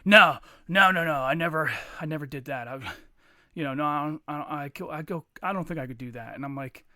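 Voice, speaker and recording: At a quick pace and in a high voice, a podcast co-host rattles off a long, casual, foul-mouthed story, animatedly mimicking the other people mid-story. The recording is dry and studio quality.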